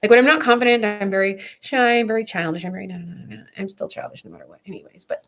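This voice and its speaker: A woman's voice: mid-range voice, racing, a bit bright. A young woman chatting casually to camera on her vlog, blunt, profane and rambling. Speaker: vlogger.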